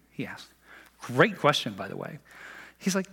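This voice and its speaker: A man preaching a sermon as a pastor, in an animated, conversational storytelling manner, in a church sanctuary. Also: fairly high pitch, brisk, breathy edge. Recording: long reverb of a large hall.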